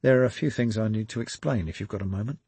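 A man's voice: on the low side, fast, darkish tone, slightly rough, no echo. A man voicing a charming police inspector in his late thirties with a thick London accent, breezy and friendly.

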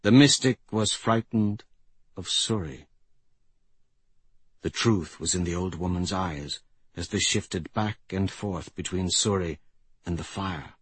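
A man reading a fantasy audiobook in a measured, dramatic way, with his pitch rising in the tense passages. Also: slightly rough, dry recording. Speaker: audiobook narrator. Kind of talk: scripted fantasy narration.

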